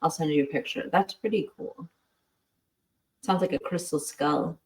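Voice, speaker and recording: A chatty woman host with a fairly low voice. She keeps the talk casual and tosses in quick asides. She sits back from the mic in an echoey room. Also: recorded from a distance. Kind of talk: casual livestream chat.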